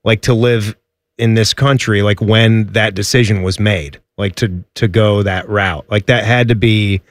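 A man's voice: lowish voice, fairly even intonation, unhurried, dry recording. A man co-hosting a casual talk show, conversational and filler-heavy. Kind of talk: casual chat.

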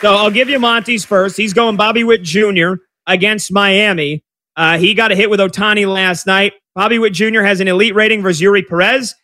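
A man's voice: sits high, bright, forceful tone, no echo. A man hosting a sports radio show, chatty and rambling, with lots of fillers. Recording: dry studio sound.

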